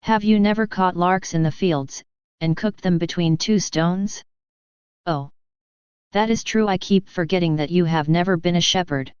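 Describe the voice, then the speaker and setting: A woman reading the lines of a poor, brave and practical young peasant girl in even storybook dialogue. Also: lowish voice, normal speed, clean tone, no room sound, close to an everyday voice. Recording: slightly dull, dry recording.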